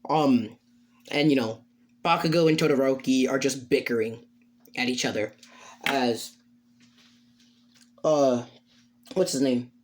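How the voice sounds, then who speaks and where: Halting male storyteller improvising fan fiction, rambles and restarts. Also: medium pitch.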